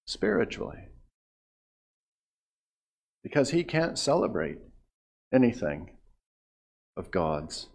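A man preaching an expository sermon with measured pauses, dropping to a hush and then rising to emphatic declarations. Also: mid-range voice. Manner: dramatic swings from hushed to emphatic; measured delivery with long pauses.

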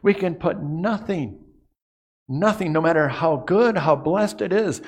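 A man preaching a sermon as a pastor, earnest, often dropping to a hushed voice on key phrases and repeating words as he goes. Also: a little high, lively intonation, a little slow.

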